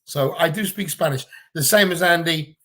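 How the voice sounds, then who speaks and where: A man's voice: a little high, moderate pace, a bit bright. A man with a Gibraltarian accent, chatting bluntly and casually on a livestream Q&A from home, swearing freely. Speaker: livestream co-host.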